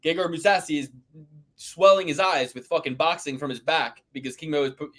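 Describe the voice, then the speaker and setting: A man's voice: on the high side, a little fast, fairly bright tone. A man co-hosting a fight-picks podcast, talking in a rambling, emphatic way and swearing freely. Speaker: podcast co-host. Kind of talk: casual fight-picks chat.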